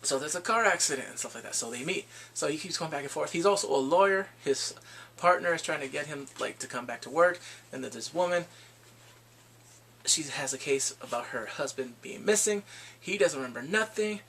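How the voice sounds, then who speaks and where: A man casually retelling a movie's plot in a rambling, excitable way, acting out the characters' lines. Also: fairly high pitch, brisk, vocal fry, a little hiss or hum. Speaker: movie reviewer. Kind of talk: casual movie review vlog.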